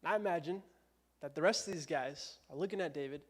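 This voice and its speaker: A man's voice: fairly high pitch, fast. A young man preaching a casual youth sermon in a church, joking and self-deprecating.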